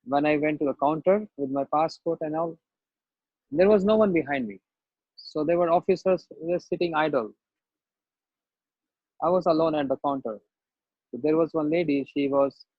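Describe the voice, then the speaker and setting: A man with a slightly high, husky voice gives a devotional sermon, drifting into a personal anecdote and playing the other voices in it. His English has a non-native turn of phrase. The recording is dry and muffled, with no room sound. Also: no echo. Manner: conversational storytelling, acts out quoted voices. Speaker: spiritual teacher.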